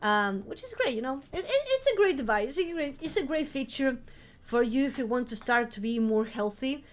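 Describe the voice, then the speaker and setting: A woman streamer chatting casually with her viewers, animated and swearing, breaking into shouts. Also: high voice, fairly quick. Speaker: vtuber streamer.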